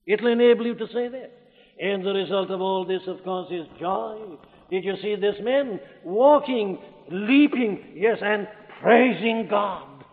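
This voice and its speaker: A man with a Welsh accent preaching a sermon fervently, rising at times to loud declamation. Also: high voice, measured pace, long reverb tail, phone-quality sound.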